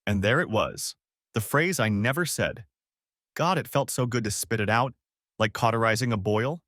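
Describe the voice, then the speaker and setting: A man's voice: medium pitch, moderate pace, a bit bright, dry recording, studio quality. A man giving dramatic, scripted first-person story narration. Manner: dramatic storytelling, acting out heated lines.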